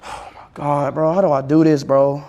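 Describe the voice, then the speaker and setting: A young man streaming from home with his pets, excitable, jumping between high shrieks and low mutters. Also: moderate pace. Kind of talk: casual livestream chat. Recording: echoey room, faint background noise.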